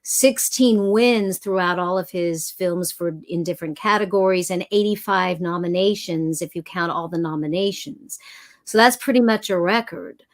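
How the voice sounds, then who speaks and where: A middle-aged actress chatting as a guest, telling stories and spelling out names. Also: female voice, fairly low pitch, normal speed. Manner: chatty, storytelling, spells things out. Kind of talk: casual chat.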